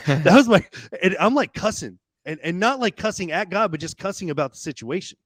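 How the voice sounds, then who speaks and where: Guesting on a podcast, a man with a high-pitched, fairly quick voice tells a personal story in an animated, casual way. He swears freely and repeats words as he rushes along; the sound is clean studio audio with no echo.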